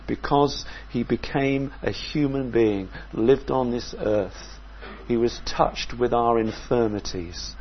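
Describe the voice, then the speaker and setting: A man preaching a sermon in a measured, reflective way, often asking his listeners questions. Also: mid-range voice, highs cut off, a little hiss or hum.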